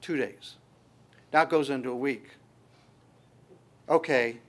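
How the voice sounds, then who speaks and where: A man's voice: medium pitch, slow, pauses often. A man preaching a sermon as pastor, conversational and emphatic, often restarting his phrases.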